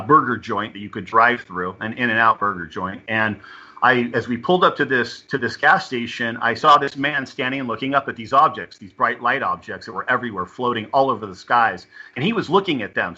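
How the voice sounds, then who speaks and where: A man telling a personal experience as an interview guest, halting and often repeating or restarting his words. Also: medium pitch, pushed and bright, dull audio.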